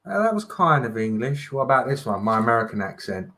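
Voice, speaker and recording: A man's voice: mid-range voice, very animated, quick pace, hardly any pauses, pushed and bright. A man chatting playfully on a livestream, joking around and trying out silly accents. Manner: playful, jokey, breaks into song and silly accents. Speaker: co-host friend on stream. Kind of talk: casual livestream chat.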